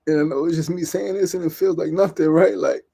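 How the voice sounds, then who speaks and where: A man's voice: a little high, steady tone, quick pace, creaky, dark tone, slightly rough. A man hosting a podcast, giving an impassioned solo monologue, swearing and repeating phrases. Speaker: podcast host.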